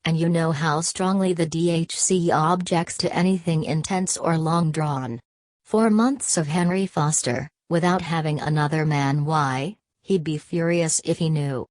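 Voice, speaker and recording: A woman's voice: low-pitched, unhurried, a little mellow, no echo. A woman reading as a sensible, scolding friend. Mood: lecturing. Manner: lecturing, disapproving.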